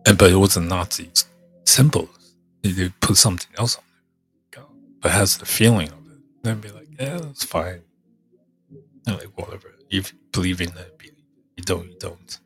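A podcast host, a man with a congested, hoarse voice, rambling in casual chat, halting and trailing off as he thinks aloud. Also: sits low, steady tone, soft background music.

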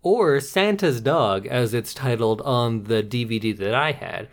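Deep-voiced woman, playful and sarcastic. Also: expressive, a little slow. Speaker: podcast co-host reviewing movies. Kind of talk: casual chat.

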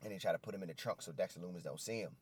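A man's voice: low-pitched, very fast, noisy background. A man in casual podcast chat, recapping events loosely and profanely and acting out quotes in voices. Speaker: co-host recapping wrestling.

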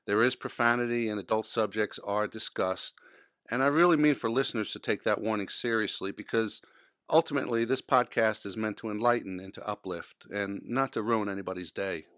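Brief: male podcast host, bright crisp voice, dry close sound, earnest scripted read. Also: lowish voice, no echo. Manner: measured, earnest intro reading.

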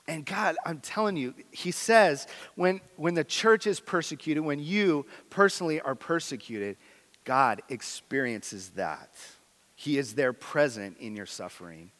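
A man preaching a sermon with a slightly high voice, earnest and candid. He rises to loud emphasis, then drops to quiet intensity. His voice rings with the long reverb of a large church hall. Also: lively intonation, a little slow. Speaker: pastor.

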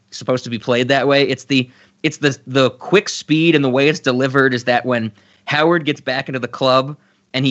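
A man talking casually as podcast co-host, relaxed and laughing as he talks. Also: mid-range voice, muffled recording. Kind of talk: casual film discussion.

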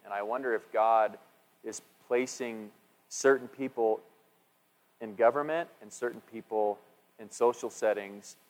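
A man's voice: fairly low pitch, measured pace. Man preaching in an echoey hall. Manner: chatty, asks the congregation questions, restarts often. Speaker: pastor. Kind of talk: conversational sermon. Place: church sanctuary. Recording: echoey hall with long reverb.

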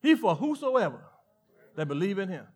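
A male pastor with a Southern American accent preaching a sermon, animated, swinging from loud emphatic lines to hushed asides. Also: sits high, moderate pace.

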